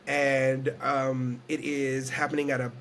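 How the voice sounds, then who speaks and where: A man's voice: medium pitch, level tone, slow, fairly bright tone, slight background noise. A man from Houston, Texas, speaking earnestly and reflectively as an interview guest, close to tears, often repeating himself. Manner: earnest, searching, repeats phrases, emotional. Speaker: guest storyteller and entertainer.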